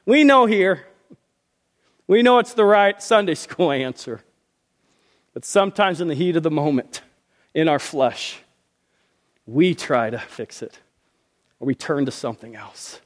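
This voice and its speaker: Slow-speaking pastor with a high voice. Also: male voice, animated. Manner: earnest, ends in prayer. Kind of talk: sermon. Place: live event in a barn venue.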